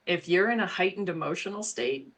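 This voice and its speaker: Brisk and slightly bright, her lowish voice carries an earnest explanation of parenting ideas. She's a middle-aged interview guest from HR who laughs between her points.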